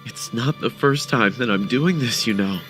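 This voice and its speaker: A man voicing a sadistic male serial killer who taunts his captive in a cold, softly menacing way. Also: medium pitch, normal speed, soft background music, lightly acted. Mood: coldly taunting.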